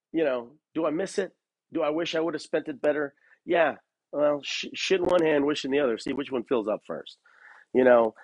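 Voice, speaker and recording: Casting: man, podcast host, husky voice, lively up-and-down pitch, dry close sound, casual profane rambling. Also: no echo. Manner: rambling, profane, full of fillers like "man" and "dude". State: has a cough. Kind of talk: casual solo podcast rant.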